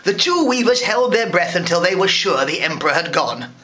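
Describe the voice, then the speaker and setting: A man, a parent, reading a fairy tale aloud to a school class in a lively, expressive way. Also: high-pitched, fairly quick. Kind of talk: storybook read-aloud.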